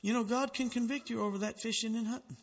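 Fervent high-voiced male preacher. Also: steady tone, quick pace, gravelly, in a large hall. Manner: fervent, emphatic preaching with dramatic quotations. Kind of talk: sermon.

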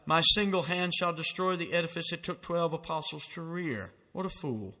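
Guy preaching hard, high bright voice, big echoey hall. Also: moderate pace. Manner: fervent, emphatic preaching with dramatic quotations. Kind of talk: sermon.

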